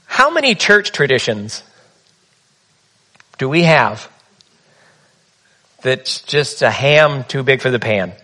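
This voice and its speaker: A man's voice: medium pitch, very animated, takes it slowly, long pauses, bright, forceful tone. A man preaching a sermon in a conversational, humorous storytelling manner. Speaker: pastor.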